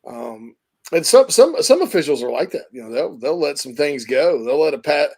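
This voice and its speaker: Male sports host, gravelly voice, rambling, restarts often. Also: on the high side, sing-song, moderate pace, darkish tone. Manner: rambling, self-correcting, thoughtful. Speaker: sports talk show host. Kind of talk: casual sports talk.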